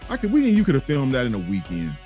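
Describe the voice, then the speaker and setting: A man co-hosts a horror podcast in casual chat with a lively, swinging pitch. He is blunt, slangy and teasing, and faint music sits under his voice. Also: fast, muffled recording. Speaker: podcast co-host.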